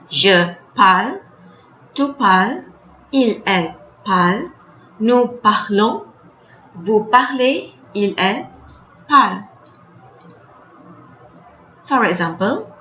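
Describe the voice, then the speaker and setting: A woman gives a slow, careful French lesson, spelling out each ending letter by letter and saying every example twice. Her voice sits at an ordinary pitch. It comes through a dull, lo-fi recording with a roomy echo and faint hiss behind it. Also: fairly bright tone. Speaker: French teacher. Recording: lo-fi, echoey room.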